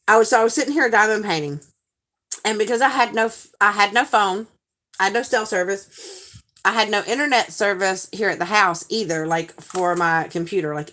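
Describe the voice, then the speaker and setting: A woman in her forties with a Southern accent, chatting casually with viewers on a livestream and telling stories in a lively, animated way. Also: fairly low pitch. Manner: chatty, animated storytelling with frequent laughs. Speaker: livestream host.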